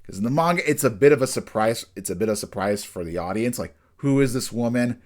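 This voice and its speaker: A man talks through an anime episode in a loose, chatty review, with a lively voice that swings up and down. He often stops mid-sentence and starts again, padding his talk with fillers. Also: medium pitch. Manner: rambling, with frequent restarts and fillers; acts out characters' lines in quick bursts.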